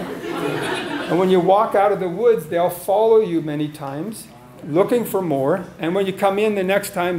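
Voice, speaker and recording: Man, biologist lecturing a live audience in a casual storytelling way, voice pitched a bit high, roomy echo. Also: darkish tone, a little hiss or hum. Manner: conversational, tells field stories and asks the audience questions. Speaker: wildlife biologist giving a lecture. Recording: echoey room sound.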